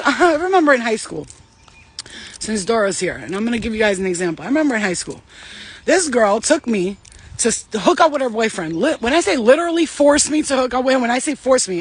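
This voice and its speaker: A woman's voice: fairly high pitch, lively intonation, a little fast, husky. A woman delivering a brash, confrontational spiritual rant, swearing heavily. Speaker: spiritual vlogger.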